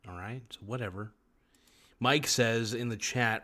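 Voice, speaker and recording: A man hosts a casual live stream, reading out viewer comments and riffing off the cuff. He jokes constantly and breaks into laughter often. His voice sits at an average pitch. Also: lively intonation, slow pace, bright, forceful tone. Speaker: livestream host.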